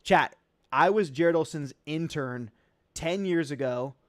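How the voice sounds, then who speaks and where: A man's voice: on the high side, slow pace, dry recording. A young man hosting a casual livestream, answering chat questions in a loose, slangy way with lots of fillers.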